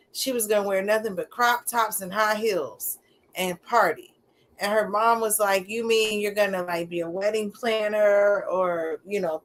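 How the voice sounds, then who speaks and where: A woman co-hosting a show, chatting casually in an animated way. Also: medium pitch, a little hiss or hum. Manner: animated, laughs often. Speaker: co-host. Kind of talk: casual chat.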